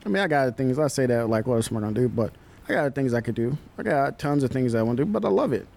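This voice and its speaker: A young man with a mellow, gravelly voice chats easily on a podcast. He is a basketball coach who tells his stories in a loose, slangy way. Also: medium pitch, fast talker. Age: young adult. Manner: animated storyteller, relaxed slangy speech. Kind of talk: casual podcast conversation.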